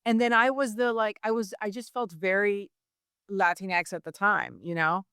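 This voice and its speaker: A woman's voice: medium pitch, moderate pace, clean tone, dry recording. Chatty Miami-raised woman, dry sound. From Miami, Florida. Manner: chatty, animated storytelling with frequent asides. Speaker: guest writer. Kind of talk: conversational interview.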